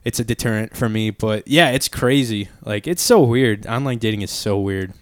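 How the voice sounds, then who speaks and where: A man's voice: fairly low pitch, moderate pace, dry recording, studio quality. A young man co-hosting a podcast in casual chat, swearing freely and drinking a beer as he talks. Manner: laid-back, swears freely, lots of fillers. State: drinking beer while talking. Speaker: podcast co-host.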